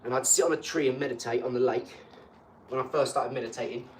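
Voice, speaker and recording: A man talking in a casual live chat, rambling and boastful, breaking into animated rants. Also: medium pitch, quick pace. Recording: echoey room, far from mic, faint hum.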